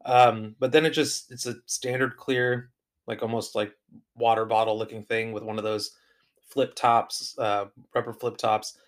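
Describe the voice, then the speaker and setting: A young man co-hosting a relaxed podcast conversation. His voice sits at a medium pitch. He talks loosely and opinionatedly, filling pauses with ums and circling back on his thoughts. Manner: opinionated, rambling with fillers. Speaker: podcast co-host. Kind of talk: casual chat.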